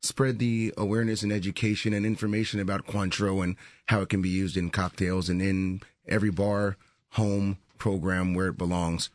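A man with a booming voice, a guest on a radio show explaining a liqueur and its history. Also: flat delivery, normal speed, no echo, clean studio sound. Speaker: spirits brand educator.

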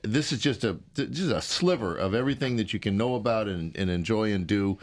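A male radio co-host chatting casually on air. His voice sits a little low, and he throws in playful jokes. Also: animated, fairly quick. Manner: joking, playful asides.

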